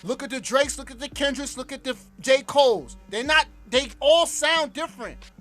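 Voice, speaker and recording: A man chatting as a podcast guest, telling stories in an animated way and laughing as his voice jumps up when excited. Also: very high-pitched, normal speed, faint music behind. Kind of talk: animated storytelling chat.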